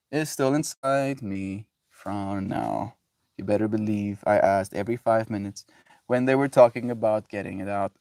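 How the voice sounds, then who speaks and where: This clean studio recording has no echo and captures a man's medium-pitched, slightly mellow voice. He's livestreaming, reading chat and laughing a lot while he rambles through a casual, filler-heavy spiritual reflection on love and forgiveness.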